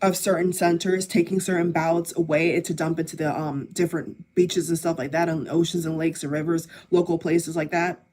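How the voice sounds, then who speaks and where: A woman's voice: sits low, level tone, normal speed, hardly any pauses, darkish tone. A woman giving impassioned political commentary to camera, emphatic and repetitive, speaking straight to her viewers. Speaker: political vlogger.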